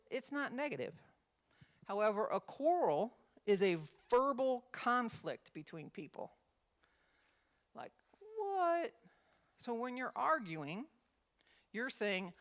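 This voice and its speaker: A middle-aged woman minister leading a Bible study, telling stories and acting out the voices in them. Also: mid-range voice. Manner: animated storyteller, acts out quotes.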